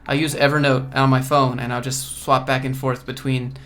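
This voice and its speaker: A man from Georgia hosting a casual livestream Q&A from home, relaxed and offhand as he reads and answers chat questions. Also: mid-range voice, moderate pace. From Georgia, USA. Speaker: coding YouTuber host.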